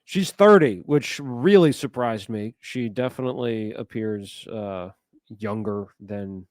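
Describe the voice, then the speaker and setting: A man's voice: on the low side, takes it slowly, darkish tone, dry recording. A man co-hosting a podcast, chatting casually and wandering into asides while he searches for names. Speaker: podcast co-host. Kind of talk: casual chat.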